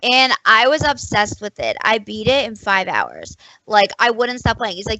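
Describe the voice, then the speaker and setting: A young woman co-hosting a casual show, telling an animated story and acting out both sides of an old conversation. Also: fairly high pitch, moderate pace, no room sound, rough recording. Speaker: podcast co-host. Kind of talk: casual chat.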